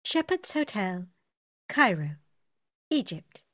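Woman reading an audiobook, steady descriptive narration, dead dry sound. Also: medium pitch, takes it slowly, no room sound.

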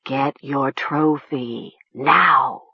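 A reader voicing a soft, commanding voice that speaks inside a girl's head and gives her slow, hushed orders. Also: medium pitch, slightly rough, dry recording, lo-fi sound, full character voice. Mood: cold commanding. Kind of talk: audiobook reading.

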